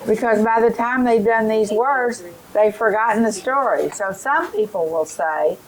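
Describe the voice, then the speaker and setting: A woman's voice: on the high side, unhurried, rough recording. A woman leading a teacher training session, giving directions and modeling phonics drills aloud.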